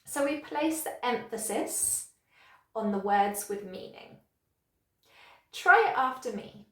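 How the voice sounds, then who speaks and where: A woman teaching English pronunciation in an online lesson, speaking clearly and encouragingly and demonstrating each example. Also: fairly high pitch, lively intonation, takes it slowly, long pauses, echoey room.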